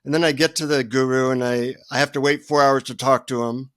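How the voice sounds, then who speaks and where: A man who is a guest author, telling humorous, animated stories in a remote interview. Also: medium pitch, a little fast, dry recording, studio quality. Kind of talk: storytelling in an interview.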